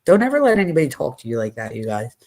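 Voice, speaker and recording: A woman's voice: a bass voice, very animated, racing, a little mellow. A middle-aged woman hosting a show, reading text messages aloud and adding blunt asides to her viewers. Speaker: host.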